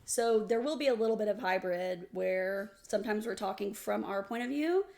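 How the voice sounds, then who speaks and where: A woman's voice: medium pitch, moderate pace, vocal fry, darkish tone. A woman from Alabama, co-hosting a casual podcast chat with dry, wry humor. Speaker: podcast co-host.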